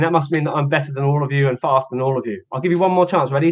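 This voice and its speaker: A man's voice: fairly high pitch, rapid-fire, few pauses, dull audio. Playful man hosting kids' show. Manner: playful, teasing, encouraging, calls out to children at home. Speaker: children's activity presenter. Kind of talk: energetic kids' exercise show with storybook reading.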